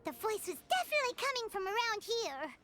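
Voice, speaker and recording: A woman voicing a tiny, excitable floating fairy companion in video game dialogue. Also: extremely high pitch, a little hiss or hum, exaggerated voice. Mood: excited. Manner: bubbly, excitable, quick reactions. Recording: game audio with loud clicks.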